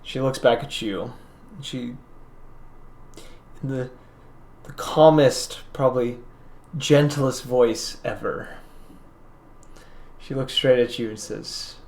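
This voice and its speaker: A man runs a tabletop game, narrating in a mid-pitched voice. He stops and restarts often, with plenty of fillers. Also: steady tone, slow pace, long pauses, a little mellow. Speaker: game master.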